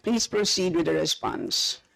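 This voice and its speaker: A woman's voice: lowish voice, very animated, unhurried, gravelly, fairly bright tone, rough recording. A woman with a Filipino accent, chairing a formal hearing and repeatedly calling for order in a procedural manner. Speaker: committee chair.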